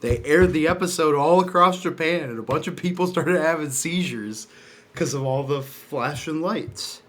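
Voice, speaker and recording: A man in his twenties on a casual podcast with friends, an animated storyteller who laughs while sharing trivia. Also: fairly high pitch, normal speed, a little hiss or hum. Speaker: podcast co-host. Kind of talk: casual chat among friends.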